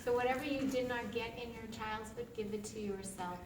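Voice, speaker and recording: Woman teaching laughter yoga live, high-ish voice, picked up from a distance with noise behind. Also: brisk. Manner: playful, laughs often, chants gibberish sounds. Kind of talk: live group demonstration. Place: large room with an audience. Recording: echoey room from far off, noisy.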